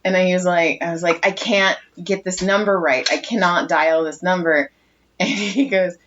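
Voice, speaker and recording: A fairly low-voiced woman telling rambling stories on a home podcast, laughing at her own jokes. The audio is dull and lo-fi, with a light hiss. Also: steady tone, moderate pace, a bit bright. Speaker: podcast co-host. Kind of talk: casual chat. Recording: dull lo-fi sound with faint noise.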